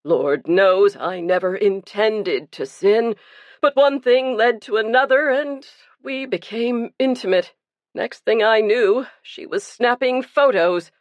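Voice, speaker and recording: A woman's voice: fairly high pitch, slow, no room sound, highs cut off, voice pushed up. A woman reading the part of a guilt-ridden, burly male pastor who confesses earnestly and pleads for himself. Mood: pleading.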